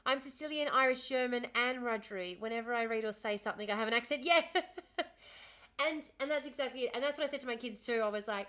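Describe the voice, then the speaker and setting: A livestream host in her thirties with an Australian accent talks casually to her viewers, wandering between topics, replying to the chat, and laughing often. Her voice is on the high side, a little fast, pushed and bright.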